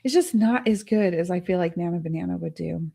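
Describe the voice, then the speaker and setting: Hosting a live art studio stream, a woman chats loosely with viewers, laughs frequently, and reasons aloud as she works on screen. Her fairly low voice is gravelly, mellow, and a little breathy, moving slightly fast.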